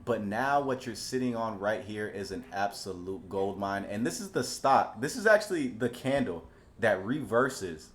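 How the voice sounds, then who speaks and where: A man giving casual stock market commentary over charts, swinging from calm explanation to excited hype and often repeating himself. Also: on the low side.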